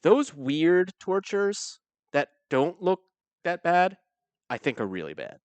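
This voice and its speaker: Playful man with wildly swinging pitch. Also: sing-song, slow pace, dry recording. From not British. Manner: playful, joking, asks lots of questions. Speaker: podcast co-host. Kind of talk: casual podcast chat.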